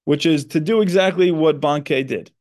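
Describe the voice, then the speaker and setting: This podcast host, a psychotherapist, has a fairly high, slightly mellow voice and talks at a moderate pace. Earnest and explanatory, he delivers a reflective monologue, stressing key points.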